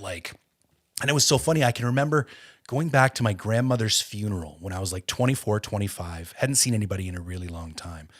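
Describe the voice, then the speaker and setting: A male podcast host with a middle-pitched voice tells a personal story in loose, conversational talk. He gets fired up as he goes, leaning on filler words. It sounds like a studio mic. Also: fairly bright tone.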